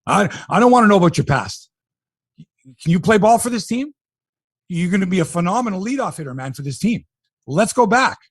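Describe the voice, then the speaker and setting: A middle-aged man hosting a sports podcast, talking in an animated, profane, ranting way. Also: high voice, fairly quick, long pauses, slightly rough, no echo, studio quality. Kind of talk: casual sports talk.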